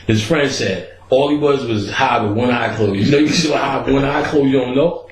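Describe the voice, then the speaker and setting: Animated man telling a story in an echoey room. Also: normal speed. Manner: animated, acts out quotes with big pitch jumps and laughter. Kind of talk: casual storytelling.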